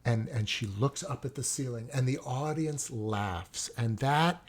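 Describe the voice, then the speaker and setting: A man's voice: mid-range voice, a little slow. A middle-aged man, a poet and teacher, telling rambling stories in a casual interview, often restarting his sentences. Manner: rambling storyteller, frequent restarts.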